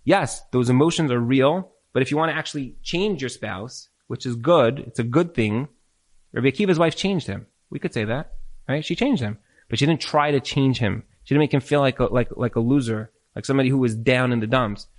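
A man teaches a marriage class and takes listener questions in a lecture with audience Q&A. He talks at a medium pitch and fairly quickly, earnestly repeating words and acting out what spouses say.

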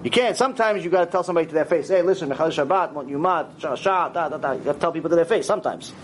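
Male rabbi, high voice, lively lecture, acts out dialogue, faint hiss. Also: rapid-fire. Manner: animated storytelling, acts out dialogue, sprinkles Hebrew words. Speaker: rabbi teaching a Torah class.

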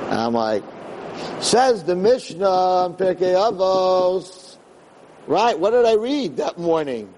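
Male Torah lecturer, conversational storyteller, slightly high voice, animated delivery. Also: slow, noisy background. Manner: animated, conversational, acts out quotes.

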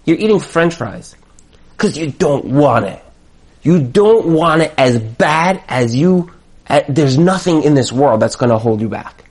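A man's voice: fairly high pitch, expressive, unhurried, darkish tone, husky. A man giving an emphatic motivational talk as a marriage coach, hammering home his points with repetition.

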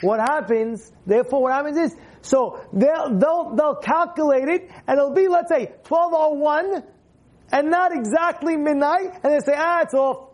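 Man, torah teacher, animated lesson, rhetorical questions, storytelling. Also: very high-pitched, a little slow. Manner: lively, questions the listeners, acts out stories. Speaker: religious teacher.

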